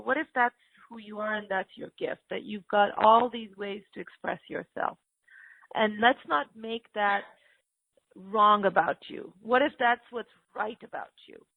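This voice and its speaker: A woman's voice: medium pitch, animated, measured pace, vocal fry. A woman hosting a call-in show, reassuring and affectionate, calling callers honey and sweetheart. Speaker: host. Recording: phone-line call audio.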